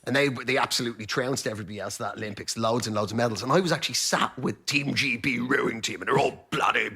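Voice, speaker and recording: A man telling animated, self-mocking anecdotes as a guest on a comedy panel show. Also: medium pitch, quick pace, creaky, breathy edge.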